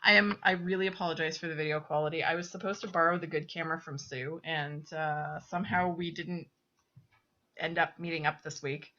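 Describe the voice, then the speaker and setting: A podcast host runs a casual knitting show-and-tell from a small, cramped spot at home, chatty, giggly and often apologizing. Her voice sits low with fairly even intonation, fairly quick, bright and forceful. It's captured on a webcam with dull, lo-fi audio.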